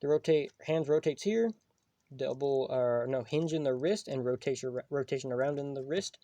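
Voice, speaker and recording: A man's voice: medium pitch, normal speed, mellow, no echo. A young man giving a casual, rambling toy review at home, filling his talk with "like" and "you know". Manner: rambling, filler-heavy, full of "like".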